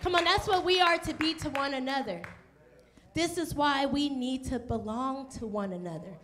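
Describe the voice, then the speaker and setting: A woman's voice: high-pitched, moderate pace, background noise. A woman pastor preaching a sermon in a church, emphatic and folksy, often asking the congregation questions. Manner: conversational, slips into casual folksy speech. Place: church, also streamed online.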